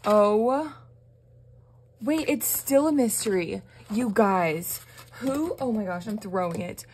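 A young woman from the American South chats to her viewers in a casual vlog, gushing and gasping with excitement. Her voice sits at an ordinary middle pitch. A faint hiss of room noise runs underneath. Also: a little slow. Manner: gushing, excitable, frequent gasps. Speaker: budgeting vlogger.

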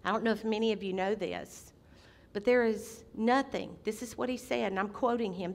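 A middle-aged woman preaching a sermon as senior pastor, impassioned, with sudden loud outbursts. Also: medium pitch, steady tone, normal speed.

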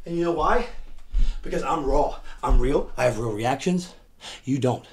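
A man's voice: medium pitch, expressive, normal speed. A man livestreaming, trading brash, profane taunts and repeating his jabs. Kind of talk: heated livestream argument.

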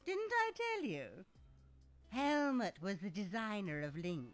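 An actress playing a sugary older woman in an adventure game, slow and theatrical. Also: mid-range voice, wildly swooping pitch, soft background music. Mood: sweet. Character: older woman, syrupy and overly sweet. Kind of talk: 1990s adventure game voice acting.

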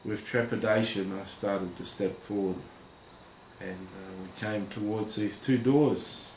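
A man giving a personal testimony to viewers, speaking in a halting, earnest way with many pauses and fillers. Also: lowish voice, fairly even intonation. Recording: roomy echo with faint background noise.

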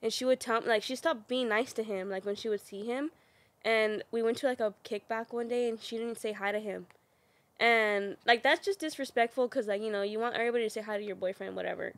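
A young woman with a somewhat high voice talks as a podcast guest. She tells personal stories candidly, with "like" in nearly every phrase. The sound is dry and close. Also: fairly even intonation, brisk, dry recording. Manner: candid storytelling, heavy filler "like". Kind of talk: casual chat.

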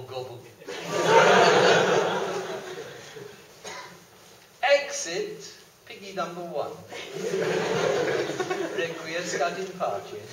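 With a voice that sits high, a man performs a playful reading of a children's story on stage at a variety show, tossing in jokes as he goes. The recording is very noisy, made from a distance in an echoey hall.

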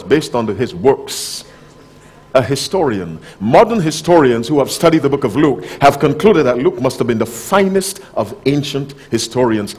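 A man preaching a sermon to a conference audience, talking directly, asking the crowd questions, and swinging between loud emphasis and soft, low asides. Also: breathy edge. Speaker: pastor. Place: conference hall, live audience.

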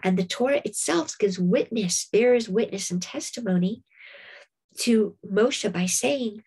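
A woman giving a reflective spiritual Torah class, often pausing with "um" and checking in with "right?". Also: medium pitch, a little mellow, breathy edge. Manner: reflective, with many fillers and repeated "right?". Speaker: Torah teacher.

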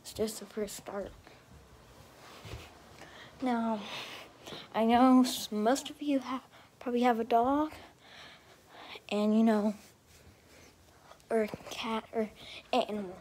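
A woman talking to camera in a rambling, profane vlog rant, swinging between loud outbursts and half-whispered asides. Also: on the high side, fairly even intonation, takes it slowly, pauses often. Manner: profane and ranting. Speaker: vlogger.

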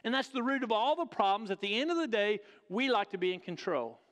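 A man's voice: sits high, very animated, a little fast, fairly bright tone. A man preaching a sermon as pastor, emphatic, asking the congregation direct questions and calling them folks. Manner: calls the listeners "folks". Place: church sanctuary. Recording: long reverb of a church hall.

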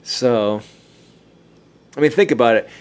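This male podcast co-host speaks in a mid-range voice at a measured pace. Chatting casually, he cracks jokes and trips over his words now and then as he reads from his notes.

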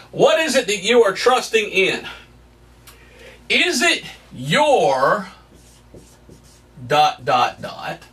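Earnest man preaching from home. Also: recorded from a distance. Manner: earnest, emphatic, lively pitch swings, occasional laughs. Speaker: missionary evangelist preacher. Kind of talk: sermon. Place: his family home, indoors.

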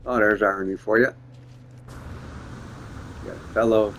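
A man's voice: lowish voice, steady tone, unhurried, fairly bright tone, slight background noise. A man talking casually over his own gameplay in a dry, wry way, muttering to himself. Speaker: gameplay video creator.

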